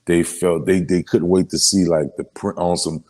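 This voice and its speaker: A rapper from New Orleans, Louisiana in a casual sit-down interview, telling emotional stories in street slang and filler phrases. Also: male voice, low voice, level tone, moderate pace, a little mellow.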